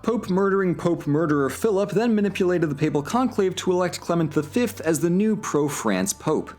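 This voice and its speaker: A sarcastic history narrator doing scripted comedy, slipping into a mock sports-commentator delivery. The voice is high for a man and swings widely in pitch. Faint music plays underneath. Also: animated, fairly quick, a little mellow.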